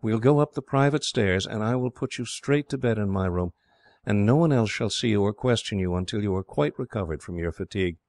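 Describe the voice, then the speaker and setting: A man voicing a kindly, motherly English woman who speaks gently. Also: on the low side, lively intonation, fairly quick, no room sound, voice pushed up. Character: warm, motherly English widow.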